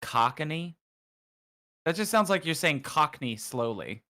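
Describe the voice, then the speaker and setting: A man co-hosting a casual podcast, full of quick wisecracks. His voice is bright and a little high, and it jumps around with a lot of energy. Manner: wisecracking, animated. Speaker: co-host.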